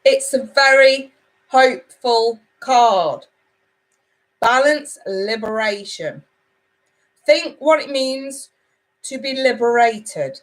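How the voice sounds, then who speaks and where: This UK woman runs a live tarot reading in a casual, chatty style, reading viewer comments and addressing people as babe and sweetheart. Her voice is a little high and expressive, and she speaks slowly, pausing often.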